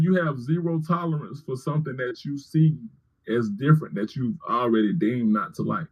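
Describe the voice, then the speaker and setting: A man's voice: medium pitch, moderate pace, muffled recording. A man giving heated political commentary on a livestream, arguing with viewers by name and repeating his points. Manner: argumentative, repeating phrases, addressing commenters by name.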